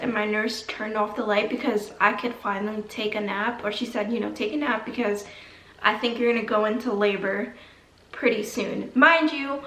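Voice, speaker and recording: A woman's voice: fairly high pitch, a bit bright. A young woman vlogger telling a personal story to camera in a chatty, dramatic way, with lots of "like"s. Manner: chatty, dramatic retelling with many "like"s. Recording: echoey room, mic at a distance.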